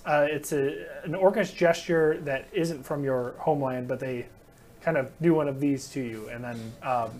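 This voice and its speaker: Man, game master, tabletop game narration, chatty, filler-heavy, slightly high voice. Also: moderate pace, darkish tone, a little hiss or hum. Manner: loose, chatty narration with many fillers and laughs.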